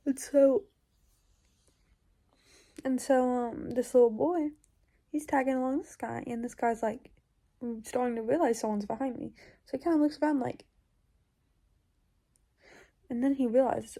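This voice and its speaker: A woman's voice: high-pitched, steady tone, measured pace, pauses often, mellow. A woman recounting a dream in casual, rambling storytelling, full of fillers and sometimes dropping into whispers. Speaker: YouTuber.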